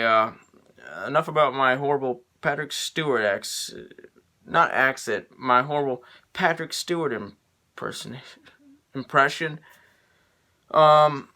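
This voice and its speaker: A man talks through a show review at an unhurried pace, stopping often with ums and false starts. His voice is bright and forward. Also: mid-range voice. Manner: halting, many ums and restarts. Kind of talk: unscripted video review.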